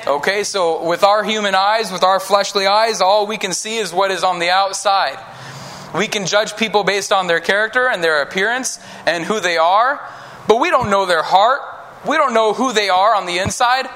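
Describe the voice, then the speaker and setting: Male preacher, children's sermon; conversational, slips into character voices, bright tone. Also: high-pitched, moderate pace, slight background noise.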